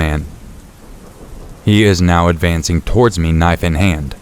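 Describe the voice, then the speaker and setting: A man narrating a true scary story in the first person, in a steady, low-key storytelling voice. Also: moderate pace, slight background noise. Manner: steady, low-key storytelling, rising sharply for shouted quotes. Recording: faint rain and thunder behind.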